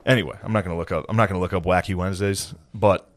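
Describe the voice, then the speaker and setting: A young man co-hosting a podcast tells a profane story with plenty of energy, acting out other people's voices in casual storytelling chat. His voice is deep and steady, his delivery rapid-fire, and the recording is clean studio sound with no room echo.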